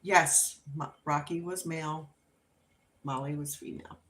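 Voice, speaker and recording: A middle-aged woman hosting a livestream, chatting casually and telling an unhurried story with laughs while she crafts. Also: deep voice, echoey room. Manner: animated and expressive when acting out quotes. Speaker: livestream host.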